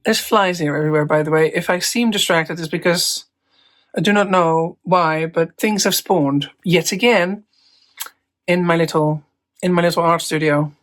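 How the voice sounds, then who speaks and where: A woman's voice: fairly low pitch, moderate pace. Chatty woman artist in her 40s vlogging from her little art studio, close to a phone, rambly and giggly, hops from topic to topic. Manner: bubbly, rambling and self-amused, jumping between topics. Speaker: mixed media artist and art teacher. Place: small home art studio. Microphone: phone held close up.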